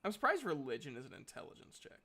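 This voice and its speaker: A man narrating a tabletop game as game master in a relaxed, chatty way. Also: fairly high pitch, quick pace, husky.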